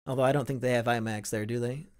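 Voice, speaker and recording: A man's voice: medium pitch, steady tone, fast talker, a little mellow. Profane, sardonic young man streaming. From Iowa. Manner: profane, sardonic, reacts to chat messages. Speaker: live stream host. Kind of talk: casual live stream chat reading.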